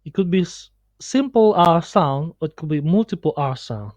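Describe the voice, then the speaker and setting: A man teaching pronunciation on a screen recording, explaining slowly with many pauses and fillers. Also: fairly high pitch, lively intonation, darkish tone, dry recording. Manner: slow, halting explanation with many fillers and restarts. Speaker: Spanish teacher. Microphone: computer mic on a screen recording. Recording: dull lo-fi screencast audio.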